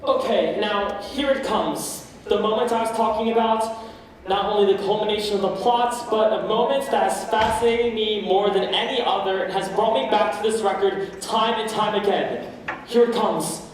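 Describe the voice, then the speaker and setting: Woman cast as a confiding middle-aged theater buff, mid-pitched voice, distant roomy stage recording. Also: moderate pace, crowd noise, lightly acted. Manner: confiding, wistful, talks straight to the audience. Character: lonely middle-aged male theater fan narrating. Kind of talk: amateur stage musical performance.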